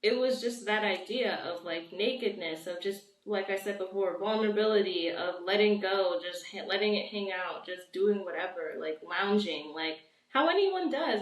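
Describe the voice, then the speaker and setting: A young woman with a mid-range voice talks at a moderate pace with few pauses, sounding far from the mic in a roomy space. She's a guest artist in a casual interview, rambling on and packing her sentences with "like."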